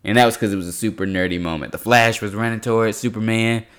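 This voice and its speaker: A man's voice: lowish voice, steady tone, fast, fairly bright tone, clean tone. Young man hosting a loose podcast chat. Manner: loose, rambling, laughs a lot. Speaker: podcast host. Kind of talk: casual chat.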